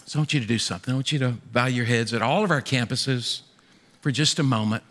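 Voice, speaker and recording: A man preaching a sermon in a large church, folksy and animated, often repeating his words. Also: medium pitch, fast talker. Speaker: pastor. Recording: echoey church hall.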